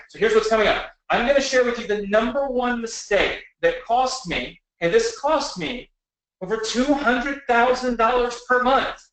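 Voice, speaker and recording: A man with a high voice presents an online workshop, excited and repeating his words for emphasis. He sounds roomy and somewhat distant from the microphone. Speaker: webinar presenter. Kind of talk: enthusiastic sales pitch.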